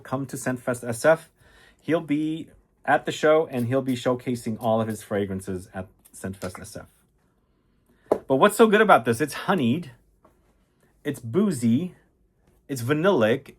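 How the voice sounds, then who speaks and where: A man casually reviewing fragrances, chatty and enthusiastic, rambling with fillers and restarts. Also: mid-range voice.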